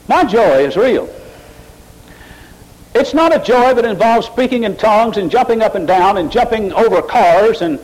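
A man preaching a sermon, rising sharply in pitch and volume as he drives his points home. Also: lively intonation, normal speed, a little mellow, poor audio. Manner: mocking emotional worshippers in a high voice. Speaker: pastor.

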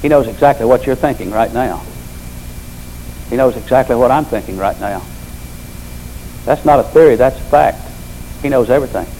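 A man's voice: medium pitch, normal speed, pauses often, dark tone, slight background noise, low-quality recording. An older man preaching a sermon, telling folksy stories with emphatic repetition.

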